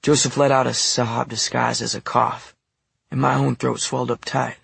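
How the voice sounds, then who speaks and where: A man narrating a first-person audiobook in a quiet, low-key, even delivery. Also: normal speed, vocal fry, slightly rough, no echo. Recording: dry close studio recording.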